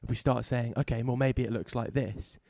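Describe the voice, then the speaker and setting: A man's voice: medium pitch, steady tone, fairly quick, creaky, mellow, no room sound, clean studio sound. A young man in a casual podcast discussion, talking hesitantly with restarts. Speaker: podcast guest.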